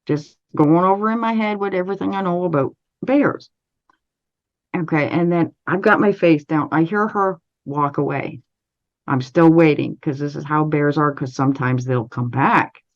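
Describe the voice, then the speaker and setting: A Canadian woman, an interview guest, recounting a personal story in a measured, steady way with frequent restarts. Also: deep voice, lo-fi sound.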